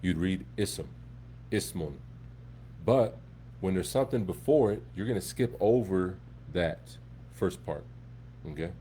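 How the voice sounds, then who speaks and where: A man teaching an Arabic class in a relaxed, conversational way, often checking in with his students. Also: deep voice, a little slow, long pauses, a little hiss or hum. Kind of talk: live classroom lesson.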